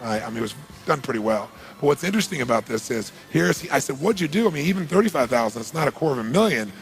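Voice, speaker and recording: A male motivational speaker telling a story in an animated, emphatic way and asking the audience rhetorical questions. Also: medium pitch, quick pace, vocal fry, soft background music. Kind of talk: storytelling speech.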